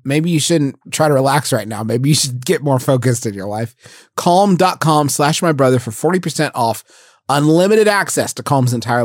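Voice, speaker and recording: A man co-hosting a comedy podcast with an enthusiastic, mock-sheepish way of talking. His pitch swings widely. He sounds close and dry. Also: dry recording. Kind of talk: comedic banter and ad reads.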